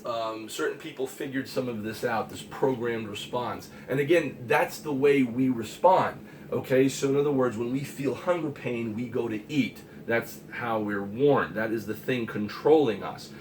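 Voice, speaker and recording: A man's voice: mid-range voice, moderate pace, few pauses. A man giving an earnest, rambling monologue, emphatic and full of fillers and restarts. He talks to the camera as a vlogger. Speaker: comic artist and vlogger. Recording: distant mic with faint hiss.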